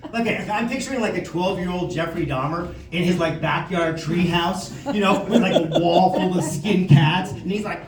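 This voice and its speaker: A man doing a stand-up comedy set on a club stage, animated and slipping into silly voices for the people in his stories. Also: high voice, moderate pace, few pauses, over a noisy crowd. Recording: roomy club sound from a distance.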